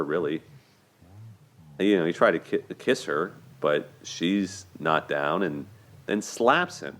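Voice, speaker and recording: A young man hosting a solo video, talking through a film's relationships in an earnest, conversational way. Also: sits low. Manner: earnest, conversational, repeats words when restarting. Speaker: host discussing relationships.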